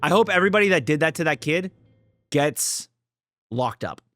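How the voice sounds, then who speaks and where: A man's voice: fairly high pitch, animated, moderate pace, a bit bright, no echo, faint music behind. A young man hosting a reaction video, talking casually, blunt and profane, often swearing and getting worked up. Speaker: reaction channel host.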